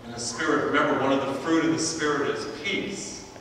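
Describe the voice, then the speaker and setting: Brief: male priest, sermon, storytelling preacher, booming church echo, mic far off. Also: a bit bright, a little hiss or hum. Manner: storytelling preacher, drawn-out emphatic phrases. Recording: echoey church from a distant mic.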